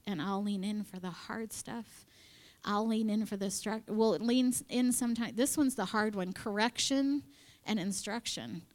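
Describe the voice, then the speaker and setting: A woman giving an animated devotional talk at church, acting out quotes and dropping into whispers. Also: mid-range voice. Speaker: church speaker.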